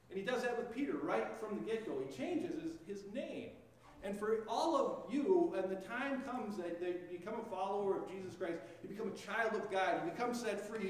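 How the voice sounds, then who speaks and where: A male pastor preaches in a church sanctuary, telling the story conversationally in vivid second person. His voice is high-pitched, and the mic is distant, picking up an echoey church from afar with faint noise.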